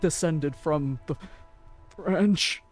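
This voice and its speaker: A man's voice: on the high side, vocal fry. A young man in his twenties streaming a game, playful and giggly as he reacts. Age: 20s. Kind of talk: casual game-stream commentary.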